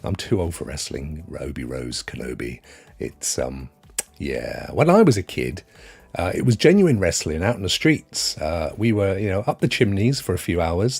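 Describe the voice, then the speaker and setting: A middle-aged man with a British accent hosts a relaxed game stream, reading out viewer comments. His voice is a little husky and rather low, and it swings widely in pitch as he jokes. Faint music plays underneath. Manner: chatty, jokey, laughs often. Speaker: livestream host.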